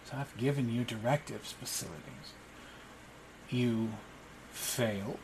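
A man voicing an ancient shadow monster in the shape of a young lord, speaking quietly, coldly and with menace. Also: medium pitch, slow, noisy background. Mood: cold, menacing.

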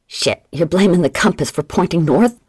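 A woman's voice: on the low side, normal speed, darkish tone, breathy edge, no room sound. A woman voicing a wry, nervous male gambler with dry wisecracks.

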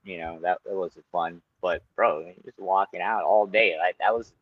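Low-voiced man telling fight stories. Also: normal speed, dry recording, narrow, tinny audio. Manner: animated storytelling, swears often. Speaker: guest, kickboxer and Muay Thai instructor. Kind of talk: casual podcast chat.

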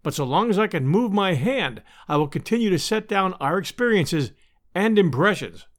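A man narrating an adventure story as an audiobook, in an expressive storytelling manner. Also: high voice, moderate pace. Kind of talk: scripted narration.

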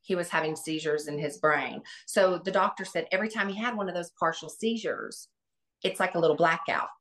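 A woman's voice: on the low side, a little fast, fairly bright tone. A middle-aged woman, a guest on an interview, recalling family memories in an earnest, reflective way with many restarts. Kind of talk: interview, personal recollection.

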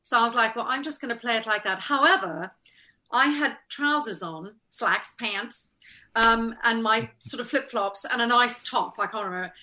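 A middle-aged woman chats as an interview guest, recalling her acting work. Her voice sits slightly high and rings bright and forceful. She tells her stories in an animated way, slipping into the voices of the people she remembers. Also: normal speed. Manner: animated, laughing storyteller who acts out remembered lines. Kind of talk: casual interview storytelling.

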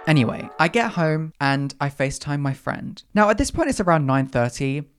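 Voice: mid-range voice, expressive, normal speed, smooth, faint music behind. A young adult podcast host, telling a comic story in a dramatic, chatty way with lots of asides.

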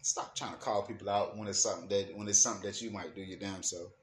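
A man's voice: low voice, steady tone, quick pace. Man, African American Vernacular English, casual profane rant, emphatic, repeats himself, echoey room, faint background hum. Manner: slangy, profane, emphatic, repeats words while thinking. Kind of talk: casual opinion rant to camera.

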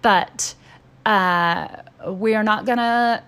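A woman's voice: medium pitch, extremely slow, fairly bright tone, clean tone. A woman co-hosting a podcast in casual chat, chatty and wry, laughing often. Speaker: podcast co-host.

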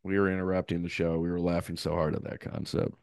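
A man's voice: deep voice, little pitch movement, fast talker, darkish tone, clear, resonant tone, no echo, studio quality. A young man co-hosting a podcast, telling rambling stories in casual chat, acting out quotes and laughing a lot. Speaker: podcast co-host.

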